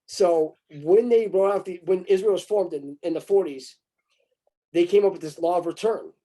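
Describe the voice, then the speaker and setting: A man's voice: sits high, moderate pace, warm tone. A man talking casually in a crude, rambling way, with mocking asides. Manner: breaks into mocking put-on voices. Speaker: conversation partner.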